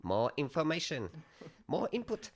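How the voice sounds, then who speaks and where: A man's voice: on the high side, wildly swooping pitch, moderate pace. A man with an Australian accent, co-hosting a casual podcast in a studio, reviewing films in a loose, rambling way and swearing often. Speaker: podcast co-host. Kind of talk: casual chat, film review.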